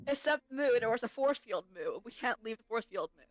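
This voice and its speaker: A woman voicing a lost, confused druid who has been turned into a cow, speaking slowly and mooing between her phrases. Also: a little high, animated, no echo, natural voice, rough recording. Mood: lost, pleading. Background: tavern music.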